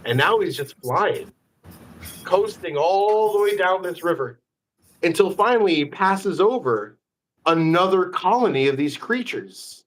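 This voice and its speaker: Lively male magician host. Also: sits high. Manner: animated storyteller, quick asides. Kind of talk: casual live-stream interview.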